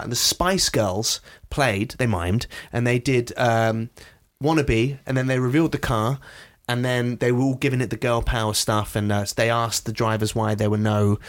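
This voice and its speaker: A man co-hosting a podcast in casual chat. He talks in a chatty, playful way and slips into quick voices when he tells stories. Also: medium pitch. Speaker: podcast co-host.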